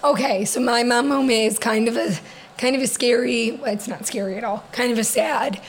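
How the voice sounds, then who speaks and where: A chatty woman co-host with a fairly high voice. She tells stories in a loose, playful way and often laughs between lines. A faint hiss sits under the recording. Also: fairly even intonation, brisk. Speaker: podcast co-host. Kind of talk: casual chat.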